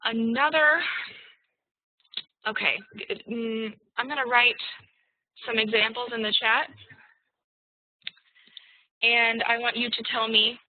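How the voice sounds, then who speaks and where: A woman's voice: a little high, fairly even intonation, no echo. Woman teacher on a tinny online call. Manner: slow, deliberate dictation of examples. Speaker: English teacher. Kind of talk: online class lesson. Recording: tinny, dry call audio.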